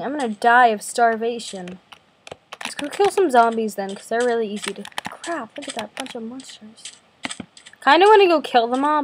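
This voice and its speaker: A woman's voice: high-pitched, slight background noise, rough recording. A young woman with a slight cough from a cold, chatting in a self-deprecating, jumpy way over her gameplay in her bedroom. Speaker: gaming video host. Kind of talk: casual gameplay commentary. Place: bedroom at home.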